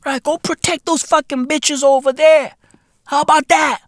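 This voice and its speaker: A man's voice: very high-pitched, steady tone, moderate pace. A man hosting a profane satirical comedy monologue, sarcastic and drawling, slipping into asides. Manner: drawling, sarcastic, heavy swearing, drops to whispers. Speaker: comedy podcast host.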